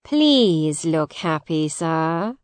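A woman's voice: sits low, very animated, drawn-out words, clean tone, dry recording, voice pushed down, heavily acted. A woman voicing the Lord Protector, an anxious royal official, formal and worried in a storybook reading. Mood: pleading.

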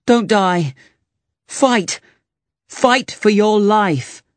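A man's voice: high-pitched, extremely slow, dry recording, pitched above the performer's own voice. A reader voicing Larry, an earnest grown man who pleads in a storybook reading. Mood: desperate.

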